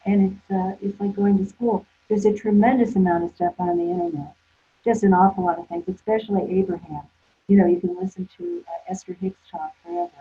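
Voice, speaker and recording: This woman, a therapist on as a guest, speaks at a medium pitch with fairly even intonation and a breathy edge, moving briskly. Her conversational storytelling rambles, full of restarts and fillers, and the audio is tinny like a phone line.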